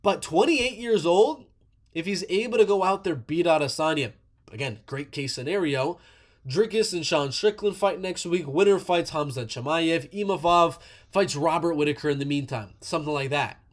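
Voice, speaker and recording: A man talks through upcoming fights in casual solo commentary, his voice sitting a little high. He is animated, and he often stumbles into repeated words and restarts his sentences. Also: normal speed. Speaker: MMA commentator.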